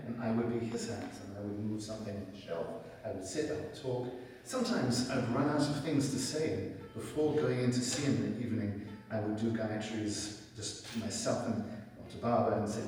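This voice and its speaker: A man's voice: fairly low pitch, normal speed. Storytelling man in an echoey hall. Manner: conversational storytelling, quotes himself in lively asides. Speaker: speaker at a spiritual center. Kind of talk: personal testimony talk. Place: large hall at a spiritual center. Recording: echoey hall, mic from far off.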